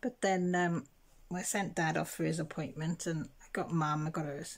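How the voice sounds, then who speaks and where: A middle-aged woman talking casually over her crafting, her voice sitting a little low. She tells her story in a chatty way, putting on the voices of the people in it. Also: steady tone, moderate pace. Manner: chatty storyteller, acts out others' voices in quotes. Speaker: craft vlogger. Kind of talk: casual chat while crafting.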